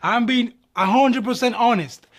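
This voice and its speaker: With a very high-pitched voice and a measured pace, this young ballet dancer from New York hosts his channel in casual, animated chat. He acts out conversations and addresses viewers as "my people."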